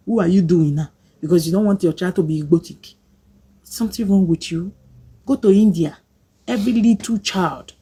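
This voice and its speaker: Husky Nigerian woman ranting at viewers. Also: fairly low pitch, warm tone. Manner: emphatic, scolding, mixes pidgin into English. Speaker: vlogger. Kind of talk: opinionated rant to camera.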